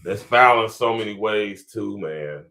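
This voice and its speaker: A man's voice: on the low side, unhurried, sharp tone. Laid-back Columbus Ohio man chatting. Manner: laid-back, chuckling, repeats "man" and "y'all". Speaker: podcast host. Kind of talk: casual commentary to a live audience.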